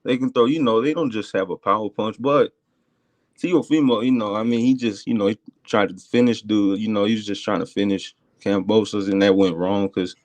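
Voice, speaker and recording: A man calling in to chat about boxing, rambling and excitable with lots of fillers. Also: fairly low pitch, a little fast, dry recording. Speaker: caller. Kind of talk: casual phone-in chat.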